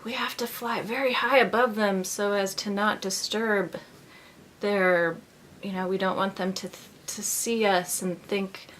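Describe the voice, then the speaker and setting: A woman voicing a calm man on the plane radio, explaining things earnestly. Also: medium pitch, measured pace, a little hiss or hum, natural voice.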